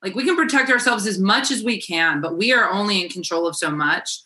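Emphatic woman life coach, bright voice. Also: mid-range voice, expressive, fairly quick. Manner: emphatic, encouraging, blunt with casual swearing. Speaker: faith-based life coach guest. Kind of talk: casual podcast conversation.

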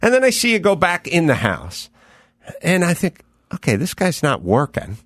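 A man's voice: a little high, wildly swooping pitch, moderate pace, fairly bright tone, no echo. A middle-aged man hosting a podcast, quoting his own thoughts in a self-deprecating way. His voice rises and falls a lot, and the close mic sounds dry. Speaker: podcast host. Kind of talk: casual storytelling chat.

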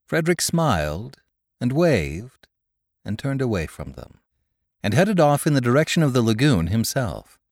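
A man narrating a classic tale in a theatrical, scripted way, dropping low on the speech tags. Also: sing-song, normal speed, darkish tone, dry recording, studio quality. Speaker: podcast narrator.

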